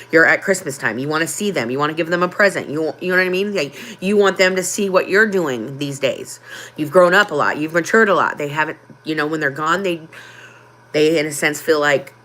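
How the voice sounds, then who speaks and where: A woman hosting a casual livestream, talking openly and from the heart, with frequent ums and pauses. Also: low-pitched, fairly bright tone. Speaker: livestream host.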